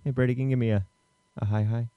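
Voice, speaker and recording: A man's voice: mid-range voice, fairly even intonation, racing, clean tone, dry recording, phone-quality sound. A man co-hosting a casual film podcast, retelling the plot in a rambling way with many fillers. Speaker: podcast co-host.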